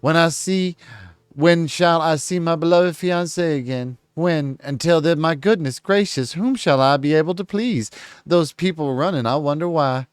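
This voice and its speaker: A man's voice: a little high, moderate pace, clean tone, dry recording, studio quality, pitched above the performer's own voice, lightly acted. A man voicing a vain, flustered young woman with a Southern US accent who frets over her hair in a breathless, fluttery way. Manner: breathless, fluttery, self-absorbed.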